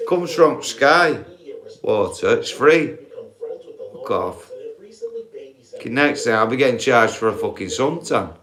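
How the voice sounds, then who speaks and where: A man's voice: mid-range voice, expressive, slow, pauses often, crowd noise. A man ranting profanely on a live stream, laughing at his own points and calling his viewers guys.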